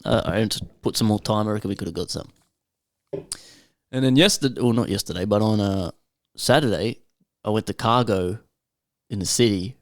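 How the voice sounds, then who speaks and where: A young man with an Australian accent, talking in a relaxed, profane, storytelling way. The recording is dry and close, with almost no room sound. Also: lowish voice, moderate pace, long pauses, dry recording. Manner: laid-back, profane storyteller who laughs often. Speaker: podcast panelist. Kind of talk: casual chat.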